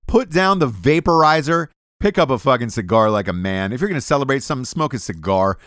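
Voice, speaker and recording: A man's voice: mid-range voice, expressive, a little fast, fairly bright tone, no echo, clean studio sound. Brash, profane male podcast host. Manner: brash, profane, joking delivery. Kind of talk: casual podcast ad reads and chat.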